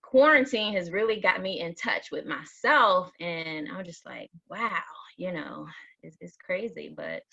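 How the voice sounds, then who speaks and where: A woman's voice: lowish voice, lively intonation, unhurried, pushed and bright. A woman speaking candidly and reflectively in a casual group chat, laughing often. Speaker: mom and educator in panel talk. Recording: dull, husky lo-fi sound.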